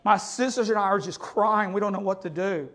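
A pastor delivering an impassioned sermon in a church, moving between loud exhortation and hushed storytelling and often asking his listeners for an amen. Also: high voice, a little fast. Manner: calls listeners "family" and keeps asking "amen?". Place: church sanctuary.

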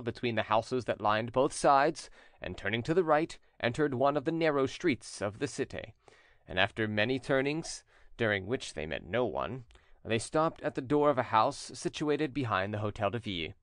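Expressive male audiobook narrator. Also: medium pitch, normal speed, dry recording, studio quality. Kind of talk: scripted narration.

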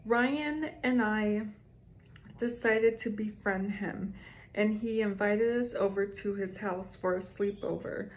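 Woman, unhurried storyteller, creepy tales read aloud, chatty asides, mid-pitched. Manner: slow, reads aloud with asides and reactions. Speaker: storyteller reading creepy stories. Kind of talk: casual reading of scary stories to viewers.

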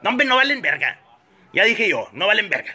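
A man gives a profane comedic rant, switching quickly between two languages. His voice is high for a man, very bright and sharp, with a husky, rough edge. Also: very animated. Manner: profane, fast code-switching ranting.

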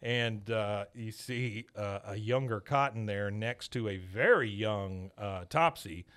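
A man hosting a podcast, casually retelling a cartoon episode scene by scene and dropping into quick voices for the characters. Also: lowish voice, a bit bright. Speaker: podcast host recapping episodes. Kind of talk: casual recap chat.

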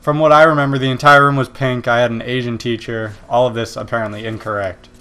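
A man's voice: medium pitch, little pitch movement, fast, pushed and bright. A young man in the middle of his vocal range hosts a casual let's-play. He rambles between thoughts, makes fun of himself and keeps up loose running commentary. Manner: rambling, self-deprecating, jokey. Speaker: gaming video host.

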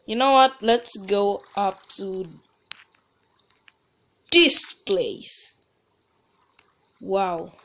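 Slow-talking woman narrating her gameplay. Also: medium pitch, pushed and bright. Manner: rambling, restarts and trails off mid-sentence. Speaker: let's play gamer. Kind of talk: casual gameplay commentary.

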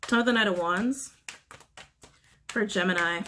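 A woman's voice: mid-range voice, measured pace, pushed and bright, a little hiss or hum. A woman giving a casual tarot reading, talking bluntly, swearing freely, and repeating phrases for emphasis. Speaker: tarot reader.

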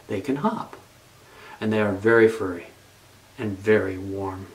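Majestic male wolf, slow and measured, read by a man. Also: lowish voice, distant mic, voice pushed down, lightly acted, low-quality recording. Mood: calm. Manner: slow and deliberate. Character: great wise silver male wolf.

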